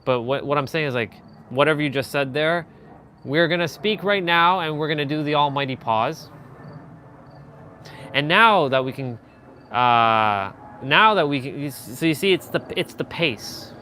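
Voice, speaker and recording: A man's voice: a little high, expressive, normal speed, pushed and bright, slight background noise. A man hosting a live stream and giving casual feedback on speaking. He talks loosely with many fillers and restarts, and pushes his voice up and down to demonstrate. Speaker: live stream host coaching a viewer on speaking.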